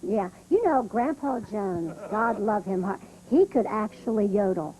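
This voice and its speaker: A woman's voice: mid-range voice, expressive, a little slow, warm tone, low-quality recording. A country singer, a woman, talking in a heartfelt, emotional way on a TV reunion show. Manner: heartfelt, emotional, slightly tearful. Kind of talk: casual chat on a TV show.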